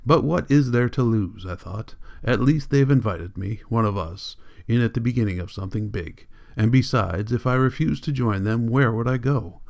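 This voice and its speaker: A man reading a novel aloud as an audiobook narrator, in a measured, even way. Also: medium pitch, gravelly. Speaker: audiobook reader.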